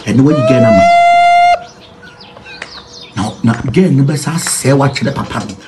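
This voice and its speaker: A man with a Ghanaian accent preaching a comic sermon, jumping between singing, mimicry and shouting. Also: medium pitch, moderate pace, noisy background.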